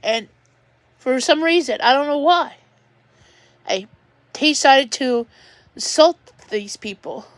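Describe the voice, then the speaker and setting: A high-pitched, expressive woman speaks slowly with long pauses as she livestreams from home. Her talk is rambling and upset, full of restarted sentences, an emotional personal monologue with no room sound.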